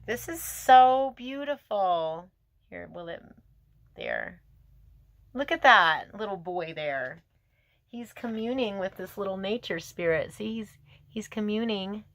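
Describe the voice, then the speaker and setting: A woman's voice: medium pitch, expressive, slow pace. A woman giving a casual tarot reading to camera outdoors, gushing and emotional, laughing and musing aloud to herself. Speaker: tarot reader.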